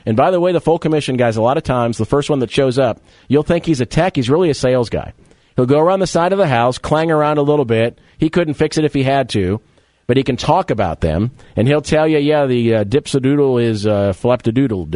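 A man's voice: medium pitch, animated, darkish tone, no echo. A man hosting a sports talk radio show, chatting casually and jokingly, then reading an ad in the same easy way. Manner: chatty, jokey, spells words out slowly. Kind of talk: casual radio chat and live read ad.

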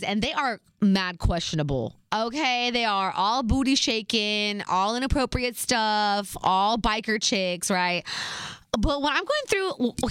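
A woman's voice: mid-range voice, fairly bright tone, no echo, studio quality. A young woman in a casual storytime vlog, retelling events in a chatty, slangy way full of asides. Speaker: vlogger.

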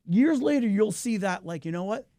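A middle-aged man talking as a filmmaker guest in a casual interview, animated and talkative, swinging his pitch up and down. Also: normal speed, no room sound, studio quality.

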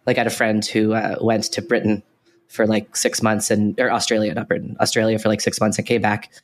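Fast-talking low-voiced man rambling. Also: flat delivery. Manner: rambling, heavy use of "like" fillers and restarts. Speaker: podcast co-host. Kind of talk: casual conversational explaining.

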